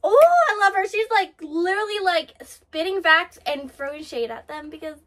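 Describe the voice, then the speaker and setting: High-voiced gushing woman reacting. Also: moderate pace. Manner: gushing, excitable, swears freely. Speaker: anime reaction host. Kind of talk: live reaction commentary.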